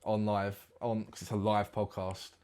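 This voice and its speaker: A man's voice: on the low side, level tone, unhurried, a little mellow, clear, resonant tone. A man in his twenties, a guest rambling through a story with loads of British slang in casual interview chat. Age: 20s.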